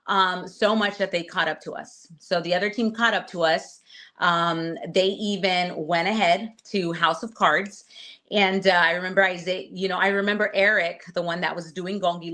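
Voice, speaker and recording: A woman guest on an interview, telling a story in a casual, animated way, acting out quotes and cursing. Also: medium pitch, moderate pace. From Latina. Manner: animated, swearing, acts out quotes loudly. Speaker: reality show contestant guest.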